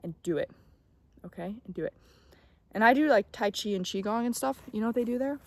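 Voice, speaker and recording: Against slight background noise, a young woman with a fairly high, a little mellow voice talks briskly to camera. Her casual self-help advice is emphatic and profane, dipping into whispers at times, and she often checks in by asking "okay?"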